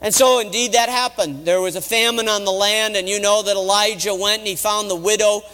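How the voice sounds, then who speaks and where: A man's voice: high voice, steady tone, a little fast, pushed and bright. A middle-aged man, a college chaplain, retelling a Bible story in a dramatic sermon. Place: college chapel. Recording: reverberant chapel hall.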